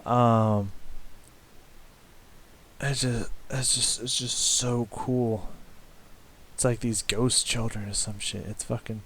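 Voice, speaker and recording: A man's voice: mid-range voice, fairly even intonation, fairly bright tone, slight background noise. Rambling man reacting to music. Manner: rambling, halting, with many fillers and restarts; hums along with the riffs. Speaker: music reaction channel host. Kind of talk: casual music reaction commentary.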